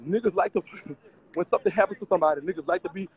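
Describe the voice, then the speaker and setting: High voiced guy filming himself on the street, cussing n laughing, dull phone sound. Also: very fast, a little mellow. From Louisiana. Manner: brash, profane, laughing between lines. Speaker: vlogger. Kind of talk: casual street vlog rant. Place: outdoors on city streets.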